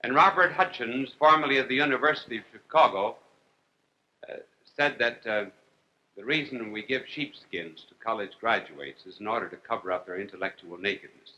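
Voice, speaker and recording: Very bright-voiced priest giving a wry lecture. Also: male voice, mid-range voice, expressive, lo-fi sound, a little hiss or hum. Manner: wry, deliberate, with long pauses and dry jokes. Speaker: priest and TV host. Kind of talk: humorous televised lecture.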